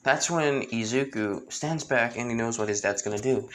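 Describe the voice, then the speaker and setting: A man's voice: mid-range voice, normal speed, a bit bright, slight background noise. Rambling casual male storyteller. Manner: rambling, hesitant, many restarts and asides. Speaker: fan story narrator.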